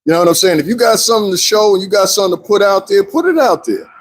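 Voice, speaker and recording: A man's voice: high voice, rapid-fire, slight background noise. A man commenting casually on a live stream, talking straight to his viewers and laughing often. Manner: animated, talks straight to viewers, frequent laughs.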